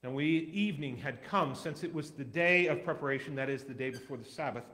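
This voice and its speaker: A man reading scripture aloud as a dramatic recitation in a church, measured, with wide swings in loudness. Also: medium pitch. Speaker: scripture reader.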